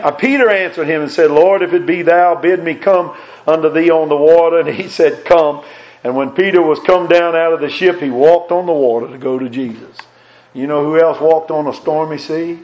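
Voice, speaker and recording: A man preaching a sermon in a folksy way, reading scripture aloud and swinging between loud emphasis and soft asides. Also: fairly high pitch.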